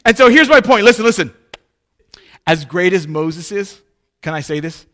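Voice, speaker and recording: A man preaching a sermon to his church, emphatic and animated, swinging between loud and quiet. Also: sits high, unhurried, long pauses. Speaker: pastor.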